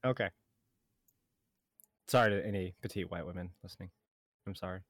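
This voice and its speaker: A man co-hosting a podcast in casual chat, joking with dark humor and laughing a lot. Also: low-pitched, fairly quick, no room sound, studio quality. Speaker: podcast co-host.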